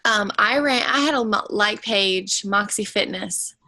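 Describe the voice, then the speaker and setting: A woman chatting casually on a team video call, talking in quick, self-correcting bursts. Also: mid-range voice, sharp tone, a little hiss or hum, poor audio. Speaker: fitness business team member.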